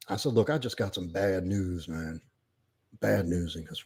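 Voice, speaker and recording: A middle-aged man telling a painful personal story on a podcast, halting and choked up at times. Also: fairly low pitch, lively intonation, dark tone, slightly rough.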